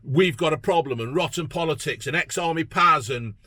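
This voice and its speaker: A man's voice: on the high side, brisk, sharp tone, no echo. A man from England, ranting bluntly and profanely about politics in a casual vlog. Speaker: political vlogger.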